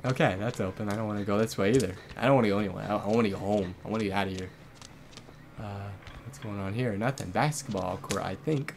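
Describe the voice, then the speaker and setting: A man hosting a horror game let's play, reacting out loud, swearing often and bursting into startled shouts. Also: lowish voice, fast talker, noisy background. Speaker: gaming channel host.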